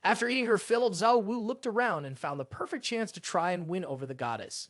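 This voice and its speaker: Lively recap narrator, dry close sound. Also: medium pitch, brisk, hardly any pauses, no echo. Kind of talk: scripted story narration.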